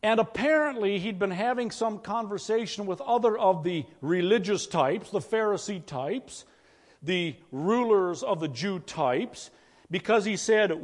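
A pastor delivers a sermon in a relaxed, conversational way, pausing to ask his listeners questions. His voice sits high for a man. The sound carries the long reverb of a large church hall. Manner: conversational preaching, asks the congregation questions.

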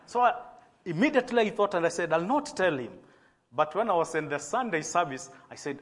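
A Kenyan bishop delivers a sermon in a fairly high voice, speaking with Kenyan English vowels. He talks earnestly, pushing key words and stopping for apologetic asides to his listeners. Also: lively intonation, fairly quick, fairly bright tone.

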